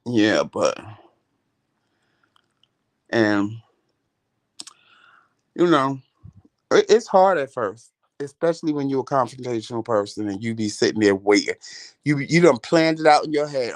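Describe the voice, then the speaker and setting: A man talks things through in a loose, chatty vlog style. His voice sits at an ordinary middle pitch, and he rambles comfortably as he gives down-to-earth advice. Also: a little slow, pauses often. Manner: relaxed, talkative, Southern US vernacular. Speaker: vlog host. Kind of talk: casual chat.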